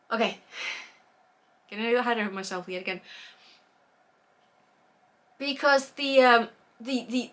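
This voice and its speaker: A woman's voice: a little high, bright, forceful tone. A woman chatting casually about knitting projects, rambling, losing her words and trailing off with fillers. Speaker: knitting vlogger.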